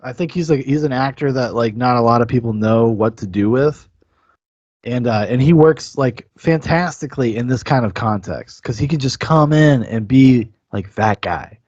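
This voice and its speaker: A man's voice: mid-range voice, normal speed, darkish tone, no echo, dull audio. A male podcast co-host chatting about films in an enthusiastic, rambling, profane way. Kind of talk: casual film review chat.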